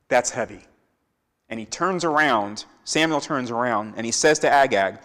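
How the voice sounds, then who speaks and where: A man gives a Torah teaching in a church hall whose long reverb trails after his words. He moves between plain explanation and acted-out lines for the characters in the story. His voice sits at an ordinary pitch for a man. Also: lively intonation, moderate pace, fairly bright tone. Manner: acts out biblical characters' lines with shifting voice. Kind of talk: Bible teaching. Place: church sanctuary.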